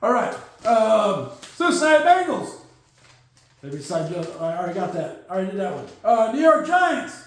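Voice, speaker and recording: A man with a very high voice talks through sports news in a loose, joking, rambling way. He keeps slipping into quick put-on quotes for teams and players. The sound is very echoey, as if from a bare, hard room. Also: big pitch swings. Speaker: podcast host. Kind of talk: casual solo sports commentary.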